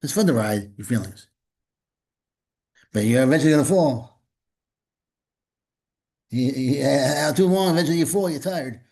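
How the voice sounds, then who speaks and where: A man's voice: medium pitch, normal speed, pauses often, a little mellow. A man leading a spiritual gathering and giving an informal, rambling sermon, often repeating words and slipping in jokes.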